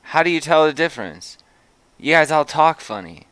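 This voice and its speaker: A man's voice: a little high, big pitch swings, moderate pace, fairly bright tone, no echo. A man from Chicago hosting a live stream, throwing in short jokey quips over a video. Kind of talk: casual reaction commentary.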